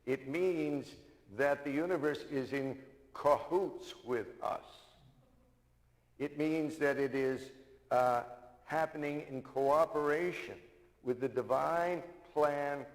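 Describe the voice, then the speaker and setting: A man's voice: fairly high pitch, takes it slowly. An older man preaching a sermon as a minister, telling stories and repeating key lines for emphasis. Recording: reverberant hall.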